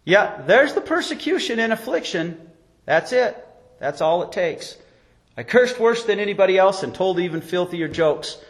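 A man preaching a sermon as pastor, telling stories and acting out quotes, with sharp rises and drops in his voice. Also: high-pitched, lively intonation, normal speed.

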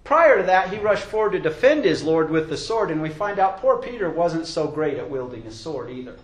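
A man preaches a sermon in a high, lively voice that climbs and drops all over. He grows loud and emphatic whenever he quotes scripture. The sound carries the roomy echo of a church hall. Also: a little fast. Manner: emphatic, swells loud when quoting scripture.

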